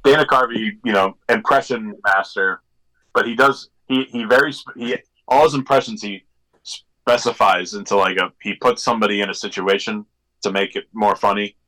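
Bright-voiced rambling podcast co-host man. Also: fairly low pitch, fairly even intonation, moderate pace, poor audio. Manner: rambling, digressive, many fillers. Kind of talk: casual chat.

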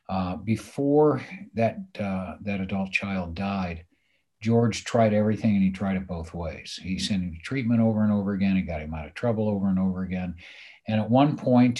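A man in recovery telling his story as a guest, speaking earnestly in a measured way. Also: low voice, a little mellow, breathy edge. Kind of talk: recovery conversation.

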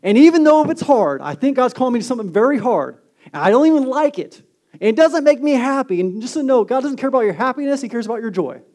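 High-voiced man preaching a sermon. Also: sing-song, quick pace. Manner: earnest preaching, swings from emphatic to hushed. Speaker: pastor.

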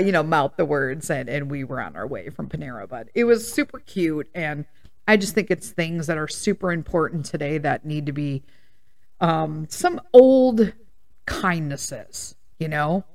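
A woman's voice: sits low, expressive, normal speed, gravelly. Rambling, blunt-talking woman podcast host. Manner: rambling, goes off on tangents; blunt and profane when worked up. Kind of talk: casual chat, personal storytelling.

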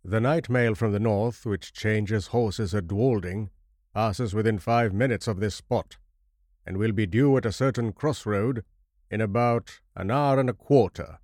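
Brief: male narrator as a grave, embittered old scholar, low-pitched and deliberate. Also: darkish tone, dry recording, clean studio sound, natural voice. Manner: measured, grave, formal delivery. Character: bitter reclusive older male scholar. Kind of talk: audiobook horror story reading.

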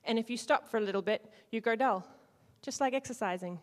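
A woman leading an interactive teaching talk to a church group, playful, swinging between loud and hushed and acting out lines. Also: on the high side, fairly quick. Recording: long hall reverb.

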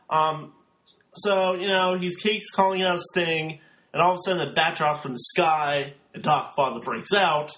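Young guy rambling sarcastic recap, pretty high voice, echoey room. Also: fairly bright tone. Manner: rambling and sarcastic, heavy filler words. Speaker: podcast host. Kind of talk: casual recap chat.

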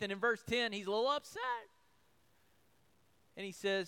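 Male pastor, middle-aged, high clear voice, preaching with rhetorical questions. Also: normal speed, pauses often, sharp tone. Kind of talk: sermon.

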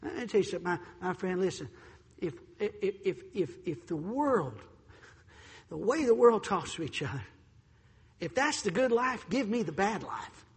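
A man preaching a sermon, telling stories in an animated way, acting out voices, and swinging between loud and soft. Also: sits high, moderate pace, husky, big-room sound. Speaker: pastor.

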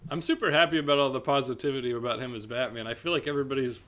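A man hosting a podcast in casual chat, upbeat and agreeable and quick to laugh. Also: medium pitch, a bit bright. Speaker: podcast host.

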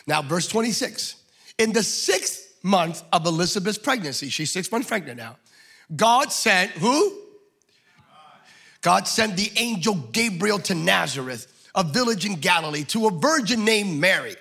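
A man preaching a sermon, acting out the scripture voices and shouting for emphasis. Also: sits high, lively intonation, unhurried, gravelly, husky. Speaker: pastor.

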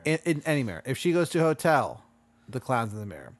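Man spinning a hushed hypothetical. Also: medium pitch, big pitch swings, fast, dry recording. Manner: spins a hypothetical, drops to a murmur when setting scenes. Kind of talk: casual podcast chat.

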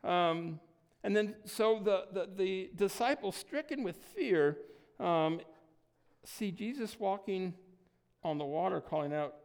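A man delivers a sermon in a relaxed, conversational way, often checking in with his listeners. His voice sits fairly high for a man and has a gravelly, fry-laden edge. He fills his pauses with soft "um"s. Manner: conversational, frequent "um" and "right?". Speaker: pastor.

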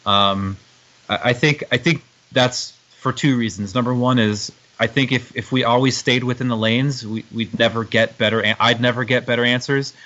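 A man's voice: medium pitch, steady tone, normal speed, bright, forceful tone, dull audio. A man who is a guest in an interview, speaking reflectively and hesitantly, often restarting his sentences. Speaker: guest, strength coach and nutrition formulator. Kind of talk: conversational interview.

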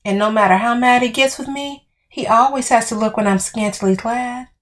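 A woman's voice: fairly high pitch, fairly quick, a bit bright. A woman reading first-person audio fiction in a dramatic, heated, profane storytelling manner. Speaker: narrator.

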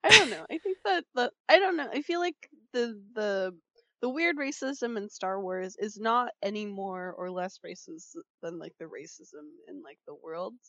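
A woman's voice: medium pitch, animated, moderate pace, a bit bright, dry recording, lo-fi sound. A woman co-hosting a podcast, chatting casually and rambling with lots of "like" and fillers. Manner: rambling, heavy use of "like". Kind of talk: casual chat.

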